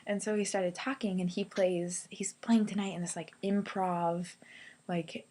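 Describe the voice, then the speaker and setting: A woman's voice: medium pitch, measured pace. Chatty young woman telling her day. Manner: chatty, excited, many "like"s and "um"s. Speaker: vlogger. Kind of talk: casual storytelling vlog. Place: youth hostel hangout space.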